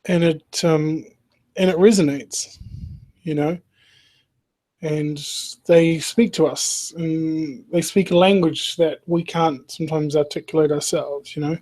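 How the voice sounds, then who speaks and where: A man hosting a podcast, talking through a reflective monologue in an earnest, halting way, with frequent restarts and soft laughs. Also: a little high, fairly even intonation. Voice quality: emotional, earnest. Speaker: podcast host.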